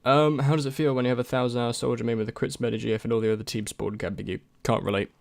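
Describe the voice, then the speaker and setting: A man's voice: medium pitch, little pitch movement, rapid-fire, vocal fry, dry recording. A young man and YouTube creator in casual chat, answering viewer questions in a rambling, hesitant way with many restarts.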